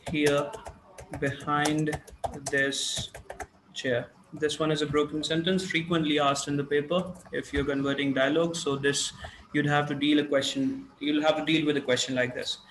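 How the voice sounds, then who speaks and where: A man, teaching an online class and dictating sentences slowly and deliberately. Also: fairly high pitch, a bit bright, slight background noise, poor audio. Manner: slow, deliberate dictation with code-switching to Urdu. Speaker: English teacher.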